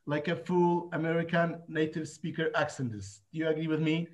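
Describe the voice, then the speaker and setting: A man with a Kurdish accent, a native Kurdish speaker training others in English, hesitant and filling pauses as he searches for words. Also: on the high side, flat delivery, dull audio. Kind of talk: casual teaching discussion.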